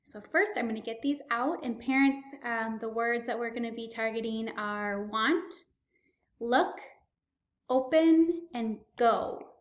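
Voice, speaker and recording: A young woman speech therapist giving a children's speech lesson, slow and exaggerated, with excited gasps. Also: on the high side, reverberant.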